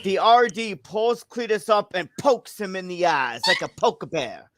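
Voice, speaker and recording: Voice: mid-range voice, big pitch swings, unhurried, dry recording. A livestream host reading a wrestling storyline aloud and coaching a young reader along the way. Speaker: show host. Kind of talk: livestream read-along and chat.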